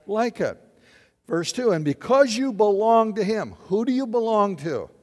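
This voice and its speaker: A man's voice: high voice, big pitch swings, moderate pace, a little mellow. A man preaching a sermon as a pastor, putting questions to the congregation and answering them. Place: church sanctuary. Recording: long hall reverb.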